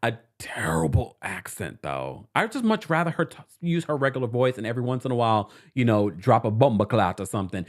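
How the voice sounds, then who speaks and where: Chatty male recap host from New York, animated, expressive delivery, reads viewer comments. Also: mid-range voice, fairly quick. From New York City. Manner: animated and chatty, laughing often. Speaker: host of a reality TV recap show. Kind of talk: casual livestream chat, reading viewer comments.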